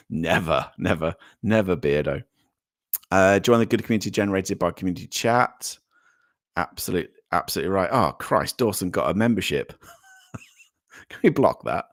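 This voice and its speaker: Brief: British male livestream host, lowish voice, rambling and chatty, close dry mic. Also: animated, moderate pace, pauses often, no echo. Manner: chatty, rambling, with frequent ums and laughs; effusive thanks, voice jumping up for donors. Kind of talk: casual live chat, reading viewer comments.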